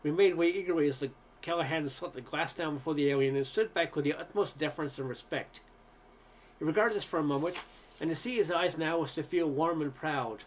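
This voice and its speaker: A man narrating a story aloud in a relaxed storytelling manner, with occasional stumbles. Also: fairly high pitch, a little fast, slight background noise. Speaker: story reader. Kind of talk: audiobook narration.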